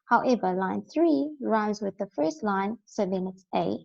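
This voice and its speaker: A woman's voice: medium pitch, expressive, unhurried, vocal fry, a little mellow, lo-fi sound. A woman teaching a recorded lesson, explaining step by step and often checking in with "right?".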